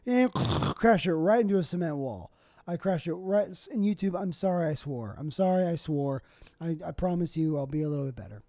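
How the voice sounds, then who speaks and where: Young male comic hosting a solo podcast, rambling and self-deprecating, mellow tone, dry close sound. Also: fairly high pitch, dry recording. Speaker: podcast host and stand-up comic. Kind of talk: casual solo podcast monologue.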